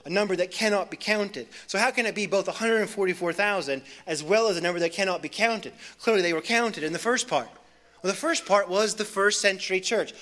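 A man with a bright, forceful voice, pitched a touch above the usual, preaches a sermon. He is earnest, climbing in intensity through lists before easing down soft. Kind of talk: expository sermon.

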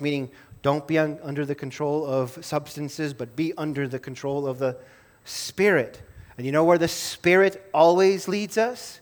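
A man's voice: steady tone, normal speed. Man preaching an earnest sermon. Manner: earnest preaching, rising to emphatic then dropping low and soft. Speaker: pastor.

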